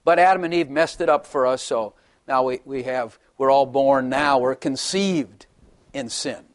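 A man's voice: medium pitch, measured pace, no echo. An older man, a pastor, giving a humorous, chatty sermon, often laughing and acting out little voices.

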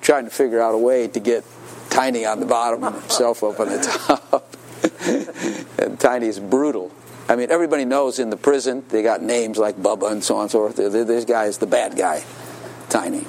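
A man's voice: on the low side, fairly even intonation, moderate pace, vocal fry, darkish tone, a little hiss or hum. A man telling a casual anecdote, chuckling as he goes and acting out the voices of the people he quotes. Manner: chuckles through his story, acts out voices in quotes.

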